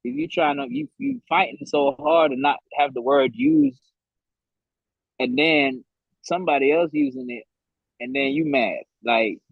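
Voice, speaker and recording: Gravelly, lively man on a dull mic. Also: fairly high pitch, unhurried, no room sound. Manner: animated storytelling with laughs. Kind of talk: casual chat. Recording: dull, dry close mic.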